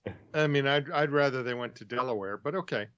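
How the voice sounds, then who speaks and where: A man's voice: medium pitch, quick pace, fairly bright tone, smooth, dry recording. A man in casual chat who jokes dryly and slips into mock voices. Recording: dry, dull lo-fi sound.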